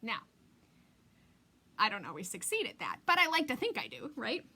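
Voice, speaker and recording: Bright-voiced chatty woman crafting. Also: fairly high pitch, huge pitch swings, moderate pace, slightly rough. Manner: chatty and easily distracted, laughing often. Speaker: craft demonstrator. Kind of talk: live craft tutorial with chat.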